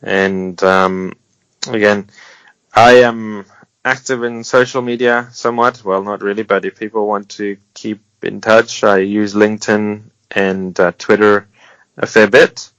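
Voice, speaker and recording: A man's voice: fairly low pitch, fairly even intonation, a little slow, a bit bright, clear, resonant tone, dry recording. A man speaking as an interview guest, giving earnest, encouraging advice with wry humor and some restarts. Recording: dull lo-fi sound, dry.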